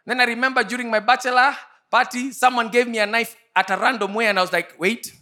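A man, preaching a sermon and telling personal stories in an animated way. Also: fast. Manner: animated storytelling, jumps to high pitch for acted-out quotes. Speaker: pastor.

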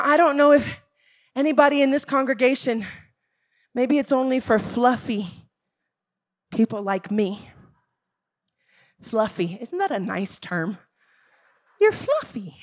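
A woman preacher with a high, bright-pitched voice. She delivers a sermon with emphatic, repeated questions, calling out directly to the church. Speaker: pastor.

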